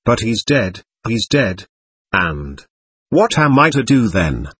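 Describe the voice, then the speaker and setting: A desperate young lieutenant begs and pleads in a breathless rush, as a man reads him aloud. The voice is husky, and it swings up and down with agitation. The sound is close and dry. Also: lowish voice, big pitch swings, slow, fairly bright tone, no room sound, exaggerated voice. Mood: frantic. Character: desperate young male army lieutenant, frantic.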